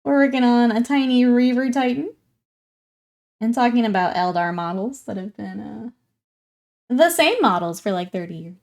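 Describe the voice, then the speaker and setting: A woman's voice: on the high side, moderate pace, a little mellow. Chatty giggly woman streamer. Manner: chatty, laughs often, greets chat. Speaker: livestreamer. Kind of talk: casual chat with viewers while hobby painting.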